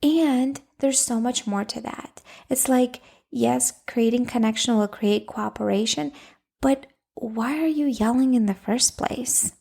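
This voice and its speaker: A woman's voice: fairly high pitch, a little slow, gravelly, dark tone, breathy edge. A woman hosting a solo podcast, coaching moms in a casual, direct way and often checking in with "okay?".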